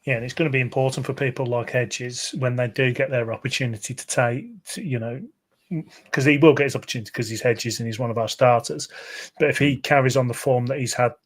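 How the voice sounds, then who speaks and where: A man's voice: medium pitch, fast. A man in the Midlands co-hosting a football podcast, chatting casually and rambling with fillers and restarts. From English Midlands. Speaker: podcast co-host.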